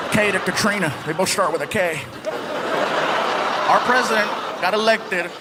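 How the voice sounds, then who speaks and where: Stand-up comedian, male, high voice, animated and playful, live theater audience roaring, noisy room. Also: moderate pace, pauses often, long reverb tail. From United States. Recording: live stage recording with loud crowd.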